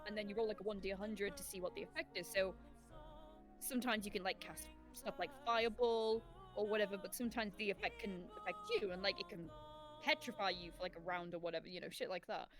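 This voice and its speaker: A woman telling long, rambling stories in casual chat, laughing often. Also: mid-range voice.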